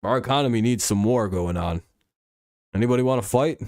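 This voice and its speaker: A man's voice: mid-range voice, fairly quick, darkish tone, no echo, clean studio sound. A man hosting a casual live stream, rambling and swearing freely, with chuckles and frequent restarts. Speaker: stream host.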